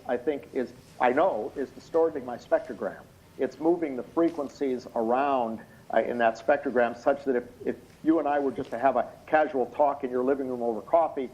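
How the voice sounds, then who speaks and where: A tired, slightly hoarse man giving expert courtroom testimony over a video call, explaining things in a measured way with many hesitant fillers. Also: medium pitch, darkish tone. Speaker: expert witness. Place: indoor room at night. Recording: muffled video call audio.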